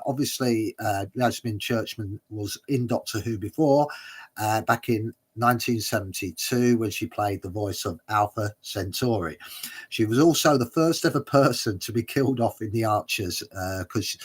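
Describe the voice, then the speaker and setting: A man hosting a watch-along livestream, giving casual, hesitant commentary full of uhs and chuckles. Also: on the low side.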